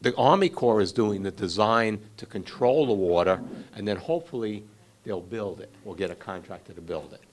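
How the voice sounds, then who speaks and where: A man's voice: lowish voice, moderate pace, a little hiss or hum. A middle-aged man on a flood committee, leading a community meeting in an informal, conversational way and calling on residents to speak. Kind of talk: running a community Q&A.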